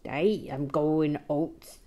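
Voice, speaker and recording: A woman's voice: low voice, drawn-out words, mellow, heavily acted. A woman putting on an exaggerated, badly done Canadian accent. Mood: mocking. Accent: Canadian, badly put on. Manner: exaggerated, self-mocking.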